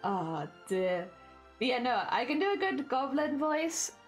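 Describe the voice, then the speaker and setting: A chatty British woman talks casually to her livestream audience, her fairly high voice swinging up and down with animated expression. She laughs easily and keeps up a running patter, with soft music playing faintly in the background. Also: unhurried. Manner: chatty, laughs often, repeats "oh dear" while reading chat. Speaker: craft livestreamer. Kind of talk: casual chat with livestream viewers.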